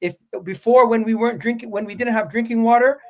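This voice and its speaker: A man's voice: extremely high pitch, fast talker, over a noisy crowd. A man with a North American accent hosting a heated football debate, insistent and prone to stammering and repeating himself as he argues. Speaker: football podcast host.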